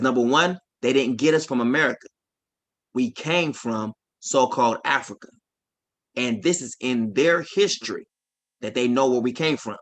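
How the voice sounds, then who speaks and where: A man in his forties preaching on a livestream, swinging between quiet asides and loud emphatic declarations with a repetitive, insistent cadence. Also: medium pitch. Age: 40s.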